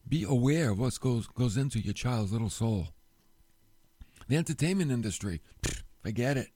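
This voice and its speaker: A man's voice: mid-range voice, darkish tone, dry recording. An older man delivering a conversational sermon as a pastor. He speaks emphatically and folksily, with joking asides.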